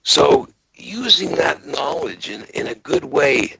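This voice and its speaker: A man's voice: slow pace, dry recording, rough recording. An older man from Montreal, a guest on a phone-in podcast, rambling through a story in a casual way. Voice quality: gravelly, husky voice. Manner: rambling storyteller, lively pitch. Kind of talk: casual call-in chat.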